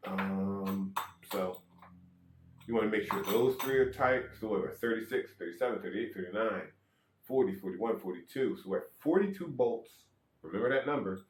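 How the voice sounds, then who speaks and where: Rambling, low-voiced man in an echoey room. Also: normal speed. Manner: rambling, self-correcting, joking asides. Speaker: electric skateboard vlogger. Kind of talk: casual how-to demonstration.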